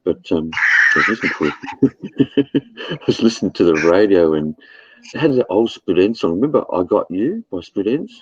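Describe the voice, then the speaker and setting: A man's voice: sits low, sing-song, normal speed, long pauses, a bit bright, dull audio, a little hiss or hum. A man hosting a livestream, chatting casually, swearing and laughing often. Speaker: livestream host. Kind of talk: casual chat.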